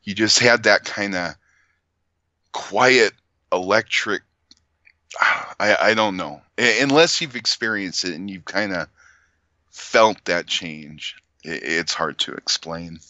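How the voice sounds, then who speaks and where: A man, a podcast guest, telling a story casually in a halting way, with restarts and small nervous laughs. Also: low voice, bright, forceful tone, no echo, muffled recording.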